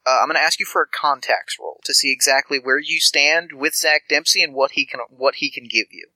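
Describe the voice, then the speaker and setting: A man's voice: fairly high pitch, fairly quick, pushed and bright, no room sound, low-quality recording. A man running a tabletop role-playing game as game master, in a casual, guiding way.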